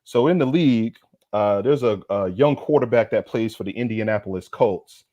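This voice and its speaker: Man, low voice, dry close sound, slangy comedic sports rant host. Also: normal speed, no room sound, dull audio. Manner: animated, slangy, preachy mock lecture. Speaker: podcast co-host.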